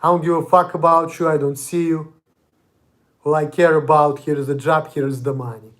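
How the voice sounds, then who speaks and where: A man's voice: a little high, fairly even intonation, moderate pace, a bit bright. A young man from Russia with a Russian accent, ranting angrily and profanely in a confrontational monologue. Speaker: vlogger. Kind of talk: angry monologue.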